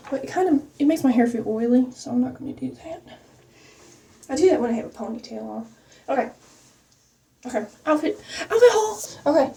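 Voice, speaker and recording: A woman's voice: high voice, warm tone, recorded from a distance, a little hiss or hum. A woman vlogger chatting casually while getting ready, rambling and self-mocking, slipping into a mock country accent. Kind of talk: casual get-ready-with-me chat.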